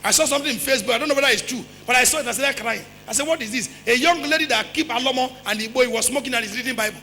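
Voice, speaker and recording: High, bright-voiced Nigerian preacher. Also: male voice, very fast. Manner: emphatic preaching, repeats phrases, rhetorical questions, bursts into shouts. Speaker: pastor. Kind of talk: sermon. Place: church hall. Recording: reverberant church hall with faint music.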